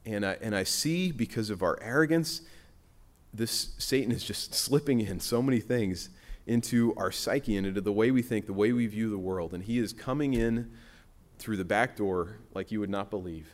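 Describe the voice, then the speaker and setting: A man's voice: on the low side, normal speed. A man preaching a sermon in a church, in a conversational way with frequent restarts. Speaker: pastor.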